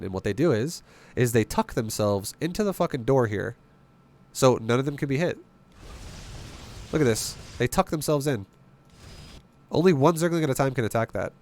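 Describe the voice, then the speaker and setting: A man with a medium-pitched voice streams a strategy game while coaching, blunt and emphatic. He swears freely and fires off rhetorical questions.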